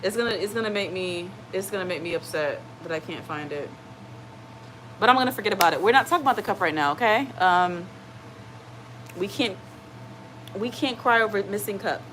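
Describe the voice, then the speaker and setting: A woman's voice: medium pitch, brisk, long pauses, a bit bright, slight background noise, poor audio. A woman hosting a live stream in casual chat. She rambles, reads out viewer comments and reassures people, often checking in with "okay?". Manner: reassuring, keeps asking "okay?".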